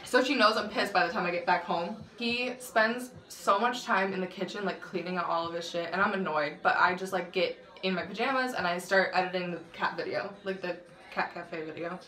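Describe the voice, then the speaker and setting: Bright-voiced young woman, dramatic storytime. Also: on the low side, brisk. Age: young adult. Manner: dramatic, swears often, frequent laughter. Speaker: vlogger. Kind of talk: casual storytime vlog. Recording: roomy echo.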